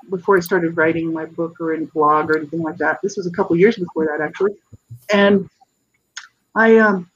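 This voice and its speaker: A middle-aged guest author giving a personal testimony in an interview, earnest and halting, with many restarts. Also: mid-range voice, husky, dull audio.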